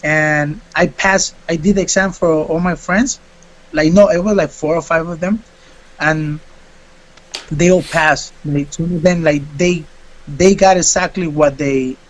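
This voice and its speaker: A man, a fighter being interviewed, telling a story in a casual, animated way and acting out what people said. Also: on the high side, measured pace, low-quality recording. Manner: animated, acts out quotes.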